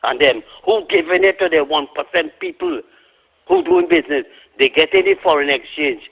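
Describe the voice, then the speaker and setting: A Trinidadian man phoning into a talk radio show, his voice sitting a bit high and coming through a muffled, narrow line. He talks in a heated, indignant rush, circling back to his complaints. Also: huge pitch swings, fairly quick, gravelly, breathy edge. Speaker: caller. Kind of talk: call-in radio rant.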